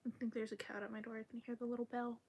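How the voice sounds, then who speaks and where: Husky gravelly woman chatting on a live stream. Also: a little high, flat delivery, rapid-fire, a little mellow. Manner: rambling, often drops into a whisper. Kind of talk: casual live-stream chat. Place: bedroom at home.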